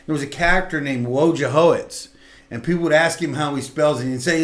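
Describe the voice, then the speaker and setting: A man's voice: on the high side, brisk, fairly bright tone. A middle-aged man hosting a local talk show, giving an earnest, rambling motivational talk with many fillers and restarts.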